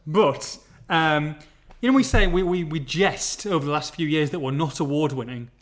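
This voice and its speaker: Excitable man hosting a podcast. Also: fairly high pitch, normal speed. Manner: excitable, jokey, rambling with restarts. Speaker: podcast host. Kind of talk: casual live-streamed podcast chat.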